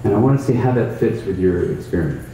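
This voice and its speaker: Talking fairly quickly and expressively, a man with a mellow, dark, low voice describes a contemplative practice and recounts workshop stories, thoughtful and emphatic throughout. He's a mindfulness teacher, heard from some way off the mic in a heavily reverberant room with faint surrounding noise.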